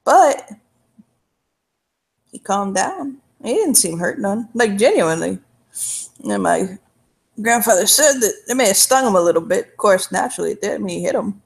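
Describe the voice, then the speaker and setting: A woman's voice: mid-range voice, big pitch swings, moderate pace, vocal fry, long pauses. A woman playing her character in a tabletop role-play game, telling a long, folksy, rambling story in character.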